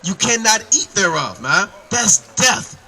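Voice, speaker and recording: A man with a very high, bright voice preaches outdoors. He keeps hammering his point and calling out to his listener as brother and man. The sound is sharp and forceful. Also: big pitch swings, a little slow, poor audio. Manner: emphatic, calls out "brother" and "man". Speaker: street preacher. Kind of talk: street preaching.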